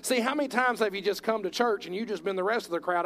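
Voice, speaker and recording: A man's voice: high voice, quick pace, a bit bright. A man preaching a sermon with passion, acting out voices from scripture as he tells the stories. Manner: impassioned, acts out bible voices.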